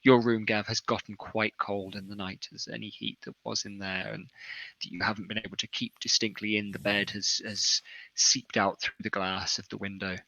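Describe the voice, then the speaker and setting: A man narrating a tabletop game as game master, describing scenes in an unhurried way. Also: on the low side, flat delivery, vocal fry, pushed and bright, dry recording, poor audio.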